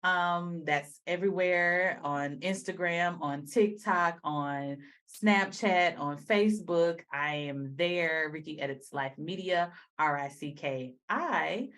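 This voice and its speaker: A woman's voice: fairly low pitch, slow pace, hardly any pauses, a bit bright. Woman podcast host, casual, chatty, laughs easily, rambles. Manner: chatty and giggly, rambling asides. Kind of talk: casual chat.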